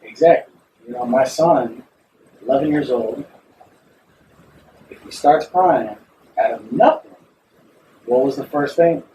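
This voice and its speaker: A man chatting casually on a podcast, agreeable and quick to chime in with short affirmations. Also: mid-range voice, warm tone, slight background noise. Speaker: podcast co-host. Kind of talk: casual chat. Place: recording studio. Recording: roomy, dull sound from a distant mic.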